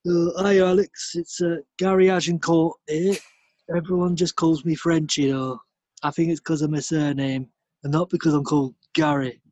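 A man's voice: on the high side, flat delivery, moderate pace, darkish tone, dry recording, lightly acted. A man voicing a chatty northern English pub regular who rambles through bad jokes on a taped message. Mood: jovial. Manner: rambling, pun-telling, beery banter.

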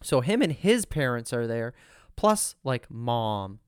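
A young man and band member telling an animated story in a casual chat, acting out quotes as he goes. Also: mid-range voice, takes it slowly, clear, resonant tone, dry recording, clean studio sound.

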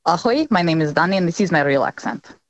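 A woman guest delivering lines in a put-on accent for a guessing game, quick and confident. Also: lowish voice, expressive, no room sound. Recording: dull remote audio line.

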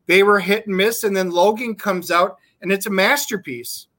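A man on a talk show as a guest, telling animated stories over a video call. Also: sits high, moderate pace. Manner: animated storytelling. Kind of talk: casual chat.

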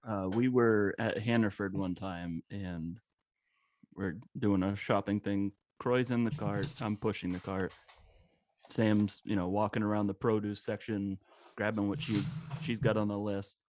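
A man co-hosting a casual podcast who tells short anecdotes in a low-key, dry way. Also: steady tone, measured pace, darkish tone, slight background noise. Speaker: podcast co-host.

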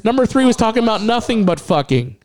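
Loud, teasing high-voiced young man. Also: very animated, fast. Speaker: show host. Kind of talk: comedic podcast hosting.

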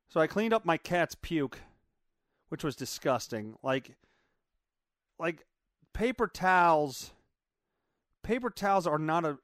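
A man's voice: a little high, dry recording, clean studio sound. A man hosting his own podcast, rambling and swearing as he tells a story and greets live viewers. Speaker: podcast host. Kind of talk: casual live-stream monologue.

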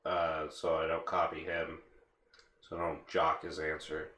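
A man's voice: a bass voice, monotone, unhurried, pushed and bright, a little hiss or hum. A young man on a casual podcast guessing game, hesitant and full of fillers, swearing now and then. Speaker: co-host. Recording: echoey room.

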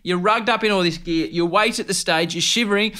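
A man's voice: high-pitched, brisk. An Australian man with an Australian accent, telling stories animatedly with slang and laughter in a casual interview. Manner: animated, laughing storyteller, rough Aussie slang. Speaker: sports commentator and podcast host.

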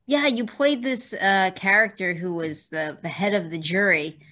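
A woman's voice: mid-range voice, moderate pace, sharp tone. A woman hosting an interview over a video call, a lawyer who chats easily, laughs, and explains at length. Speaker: host and lawyer. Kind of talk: casual interview.

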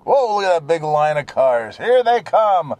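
A man rambling from the driver's seat, jumping from one joke to the next. His voice sits high and bends up and down a lot, while his pace stays slow and unhurried. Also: sing-song, darkish tone, no room sound. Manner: jokey, digressive, with many fillers. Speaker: solo talker. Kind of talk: rambling casual monologue. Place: inside a car while driving.

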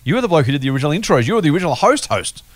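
Australian man, podcast host, quick talker, lively voice, dry close sound. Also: on the high side, no room sound. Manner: jokey, teasing, laughs often. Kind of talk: casual finance podcast chat.

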